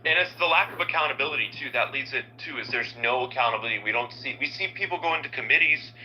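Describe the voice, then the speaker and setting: A man's voice: medium pitch, fast talker, sharp tone, a little hiss or hum, low-quality recording. A man joining a political podcast as a guest, making earnest, lecturing points.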